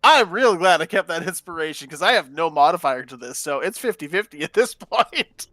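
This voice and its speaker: A man playing a tabletop game, swinging between quiet remarks and loud, joking outbursts. His voice is bright and tense and a little high for a man. The sound is dry and close. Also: animated, a little fast, dry recording. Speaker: player.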